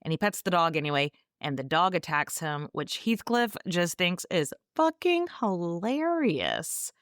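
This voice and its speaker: A woman's voice: fairly low pitch, sing-song, a little slow, no echo, studio quality. A woman podcast host giving a casual, sarcastic and profane recap of a book.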